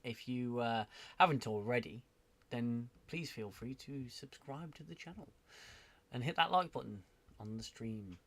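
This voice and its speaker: A man hosts a casual livestream, talking to his chat in a rambling, self-deprecating way. His voice has a gravelly, fry-heavy edge at a middling pitch, and he apologizes often as he drifts between thoughts. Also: measured pace, a bit bright. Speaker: livestream host.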